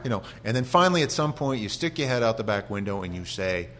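A male pastor giving an animated sermon with humorous stories and frequent restarts. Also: on the low side, fast talker.

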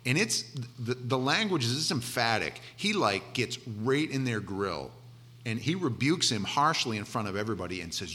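Man, preacher, conversational sermon, bright forceful tone, animated storytelling. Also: fairly low pitch, normal speed. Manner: conversational and animated, acting out voices of disciples.

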